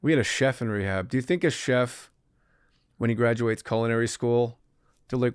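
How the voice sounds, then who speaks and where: A man hosting a podcast, telling animated, wry stories about his life in comic storytelling style. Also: medium pitch, normal speed, smooth, dry recording, clean studio sound. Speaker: comedian podcast host.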